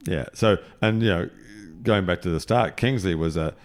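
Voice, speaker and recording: A man chatting casually as a podcast guest about golf courses, in a rambling, quick way. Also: low-pitched. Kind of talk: casual chat.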